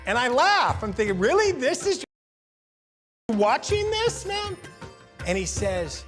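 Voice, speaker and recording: A man interviewed for a documentary, telling stories in a lively, profane way and acting out what others said. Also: very high voice, takes it slowly, pauses often, faint music behind. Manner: lively, profane storyteller who acts out quotes. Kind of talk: animated anecdote storytelling.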